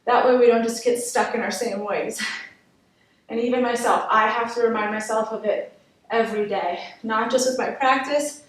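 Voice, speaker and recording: A woman's voice: fairly high pitch, fairly even intonation, normal speed, far from the mic. A woman yoga instructor guiding a workout class, encouraging and counting down reps. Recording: echoey room, voice from off-mic.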